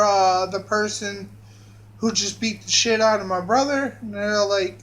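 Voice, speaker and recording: A man's voice: high-pitched, steady tone, unhurried, a bit bright, poor audio. A man telling a crude personal story on a vlog, rambling and meandering with many fillers and restarts.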